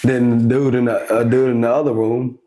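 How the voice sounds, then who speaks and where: A young man telling a story casually as a podcast guest, lively, acting out the back-and-forth he describes. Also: medium pitch, moderate pace, echoey room, a little hiss or hum. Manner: animated storyteller acting out quoted exchanges. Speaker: podcast guest, basketball influencer.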